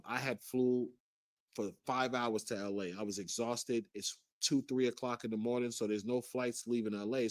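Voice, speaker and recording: A man's voice: mid-range voice, no room sound. Earnest man telling a personal story. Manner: earnest, detailed recounting, acts out quoted lines. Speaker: guest recounting a personal story. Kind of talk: first-person storytelling in an interview clip.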